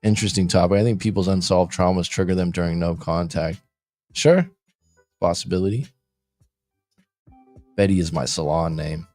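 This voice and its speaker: Low-voiced man rambling on a livestream. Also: normal speed, long pauses, darkish tone, soft background music. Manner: rambling, jokey, reads chat aloud. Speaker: coaching show host. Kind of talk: casual livestream chat. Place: room by street windows, abroad.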